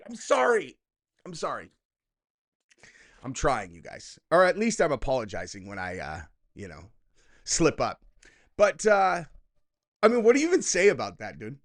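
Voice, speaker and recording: Middle-aged guy ranting on his commentary show, swears a lot, mocks people, voice sits a bit high for a man. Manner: profane, combative, mocking. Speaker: political commentary host. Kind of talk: reaction commentary rant.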